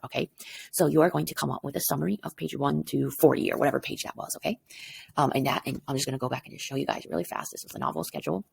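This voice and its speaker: A woman's voice: low voice, vocal fry, husky. A tired woman teacher explaining an assignment in a recorded lesson, rambling casually and checking in with "okay?". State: tired, up before dawn.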